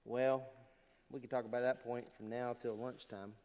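A man preaching a sermon, animated and full of rhetorical questions to the congregation. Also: medium pitch, normal speed. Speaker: pastor. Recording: long hall reverb.

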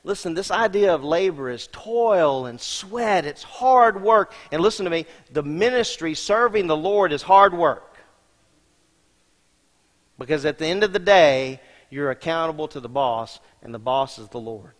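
A male pastor preaching in a slightly high voice. He is emphatic and speaks straight to his congregation. His voice swings from loud to hushed, with a long hall reverb trailing every phrase. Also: lively intonation, unhurried. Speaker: senior pastor. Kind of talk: sermon. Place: church sanctuary.

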